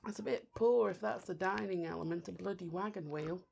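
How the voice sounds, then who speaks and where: A woman's voice: on the low side, a little fast, vocal fry, darkish tone, a little hiss or hum. A young woman co-hosting a casual film commentary, teasing her co-host in dry banter.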